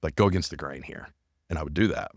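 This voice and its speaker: A man's voice: rumbling low, quick pace, no echo, studio quality. A male podcast host, talking earnestly and emphatically in a casual conversation. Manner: earnest and emphatic, repeats phrases.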